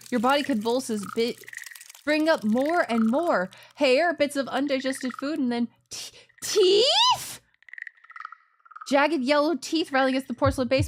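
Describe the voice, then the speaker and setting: A woman streamer reading a horror game aloud, breaking off into loud, startled reactions. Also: medium pitch, noisy background. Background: music.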